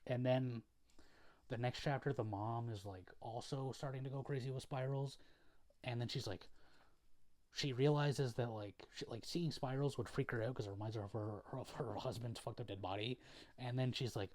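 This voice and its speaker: A man's voice: medium pitch, steady tone, normal speed, darkish tone. A young man casually recapping a story to camera in a rambling, profane way, full of fillers. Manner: rambling, profane, filler-heavy, laid-back. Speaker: video creator.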